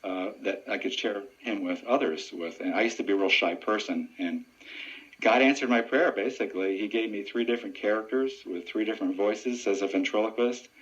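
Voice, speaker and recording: A man who works as a deputy sheriff and ventriloquist, answering radio interview questions in an earnest, steady and informative way. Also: lowish voice, brisk. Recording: dull lo-fi radio audio.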